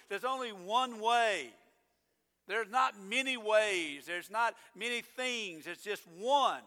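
Emphatic high-voiced male pastor preaching. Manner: emphatic preaching, rising to loud declarations then dropping low. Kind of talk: sermon. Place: church sanctuary. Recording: long church hall reverb.

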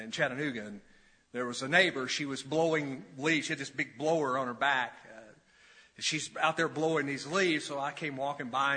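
Middle-aged preacher ringing through a church hall. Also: male voice, on the high side, pushed and bright. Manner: emphatic, preaching with rising intensity and questions to the congregation. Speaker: pastor. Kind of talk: expository sermon. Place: church sanctuary. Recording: long reverb of a church hall.

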